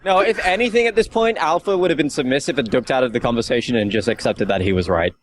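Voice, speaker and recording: A man's voice: medium pitch, quick pace. A man, a guest on the interview, making dry, sarcastic remarks in casual chat. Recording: noisy recording.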